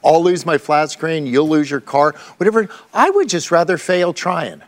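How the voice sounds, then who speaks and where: A man's voice: a little high, animated, normal speed. A middle-aged man, a lawyer, telling stories as an interview guest, exuberant and laughing often. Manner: laughs often, exuberant and enthusiastic, with many restarts. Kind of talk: animated storytelling in conversation.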